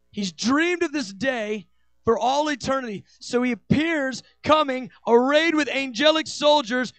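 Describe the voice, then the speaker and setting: Male preacher, very high voice, fervent sermon delivery, dry close sound. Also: dry recording. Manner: impassioned, acts out quoted dialogue with big swings in pitch and loudness.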